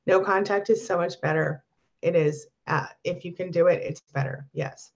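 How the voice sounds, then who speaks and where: A woman coaching abuse survivors on a live stream, reading viewer comments and answering them with warm encouragement. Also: lowish voice, steady tone, normal speed, vocal fry, highs cut off.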